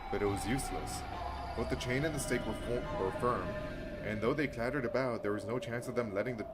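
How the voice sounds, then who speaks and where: A man streaming a visual novel, reading the game text aloud and breaking into excited, chatty reactions. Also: medium pitch, brisk. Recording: loud game music behind the voice. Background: loud game soundtrack.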